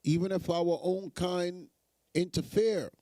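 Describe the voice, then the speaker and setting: A man's voice: sits high, steady tone, slow, mellow, no echo. A man hosting a show, giving sarcastic, emphatic commentary on news clips and repeating phrases for effect. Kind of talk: mocking live commentary.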